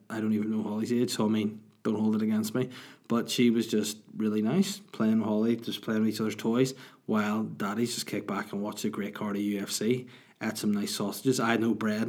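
A man's voice: on the low side, a little mellow. A man, rambling chattily as a solo podcast host. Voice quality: husky. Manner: rambling, self-deprecating, chatty. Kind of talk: casual solo podcast chat.

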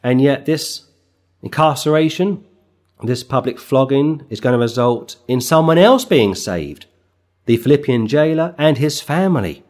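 A man's voice: mid-range voice, animated, a little slow. Earnest man preaching a sermon. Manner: earnest, emphatic, building to forceful bursts. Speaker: street preacher and pastor. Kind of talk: expository sermon on scripture.

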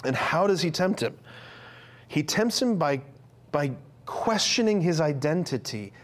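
A man's voice: fairly high pitch, big pitch swings, normal speed. A man giving an earnest, conversational sermon to men, with frequent fillers and restarts.

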